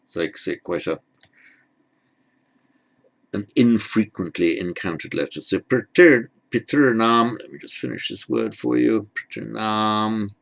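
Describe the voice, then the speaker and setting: A man teaching script letters, talking haltingly as he writes and repeating words as he goes. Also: lowish voice, vocal fry. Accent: British. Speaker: language teacher. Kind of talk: handwriting lesson.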